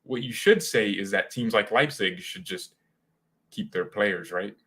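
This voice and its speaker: A man's voice: fairly low pitch, measured pace, a bit bright. A man hosting a casual live match watchalong as a fan, talking in an opinionated, rambling and slangy way. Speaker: fan channel host.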